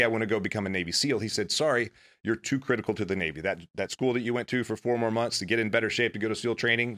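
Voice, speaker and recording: Casting: man, lowish voice, bright tone, earnest storyteller with a self-deprecating streak. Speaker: former Navy SEAL guest. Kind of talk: casual storytelling.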